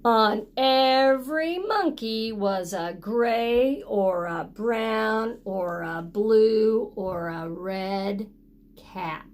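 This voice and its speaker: A woman reading a picture book aloud to children, pausing often to ask them to join in with actions. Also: on the high side. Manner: interactive, prompting children to act along. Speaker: storytime reader for children.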